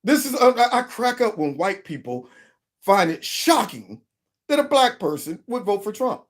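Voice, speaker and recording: A man's voice: high-pitched, normal speed. A man hosting a commentary channel, reacting to video clips with exclamations and mock quotes. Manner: animated, exclaiming, mock-quoting others.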